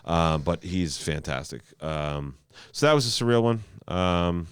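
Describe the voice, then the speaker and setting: A stand-up comedian tells stories on a podcast in a casual, animated way, stammering into restarts and swearing frequently. His deep voice is smooth and a little slow, with no echo and studio-quality sound.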